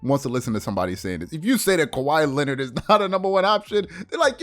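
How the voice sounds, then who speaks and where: A man's voice: on the high side, brisk. A man hosting a sports show, reacting to a clip with an incredulous, laughing rant. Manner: animated, incredulous, ranting with laughs. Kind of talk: casual sports commentary.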